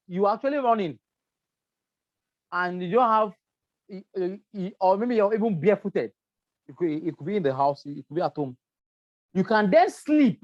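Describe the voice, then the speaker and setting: A woman's voice: mid-range voice, darkish tone, no echo, dull audio. A woman with a Nigerian English accent giving a workplace safety lecture, explaining step by step and checking in with her listeners. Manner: repetitive, explanatory, asks "right?" often. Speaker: safety trainer. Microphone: presentation with slides.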